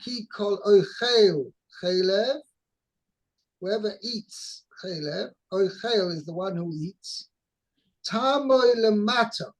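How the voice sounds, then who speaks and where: A man with a high voice teaches a text-study lesson at a very slow pace. He explains word by word and restarts his sentences often. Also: lively intonation, low-quality recording. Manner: explains slowly, with many restarts. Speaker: Torah teacher.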